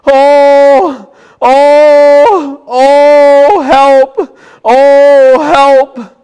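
A man's voice: very high-pitched, flat delivery, very slow, darkish tone, pitched above the performer's own voice, exaggerated voice. A man voicing a terrified dying young boy who wails and shrieks for help, with long hall reverb. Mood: terrified wailing. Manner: shrieking, wailing, desperate.

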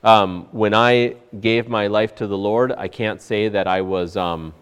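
A man's voice: fairly low pitch, steady tone, a little slow, clear, resonant tone. A man preaching a sermon in an earnest way, with frequent fillers and restarts. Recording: long hall reverb.

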